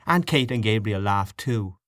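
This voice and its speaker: A man narrating an audiobook in a measured storybook reading. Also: lowish voice, expressive, a bit bright, dry recording, studio quality. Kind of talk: scripted narration.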